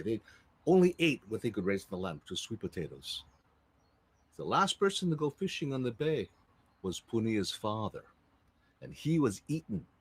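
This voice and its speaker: A man from Hawaii telling island legends with lively sound effects, in a Hawaiian Pidgin accent. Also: medium pitch, breathy edge, no room sound. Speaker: storyteller. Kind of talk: live storytelling of legends.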